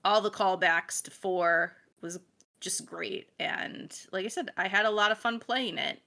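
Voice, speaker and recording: A woman's voice: lowish voice, a little slow, creaky, bright, forceful tone. A woman co-hosting a casual podcast, chatty and enthusiastic, with many fillers. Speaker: game editor, podcast co-host.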